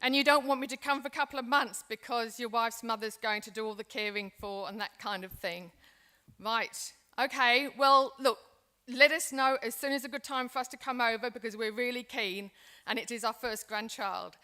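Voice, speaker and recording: This is an aging migrant mother calling her grown children abroad, acted by a woman. Her voice sits high and bright with a tense edge. She talks in a warm, chatty, affectionate way. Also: steady tone, moderate pace. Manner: chatty, affectionate, talking on the phone. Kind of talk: acted role-play in a seminar.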